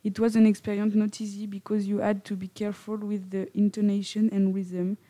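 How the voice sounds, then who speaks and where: Young female student, careful read, very mellow flat voice. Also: medium pitch, fairly quick, no room sound. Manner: careful, learner's phrasing. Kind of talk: reading a prepared statement.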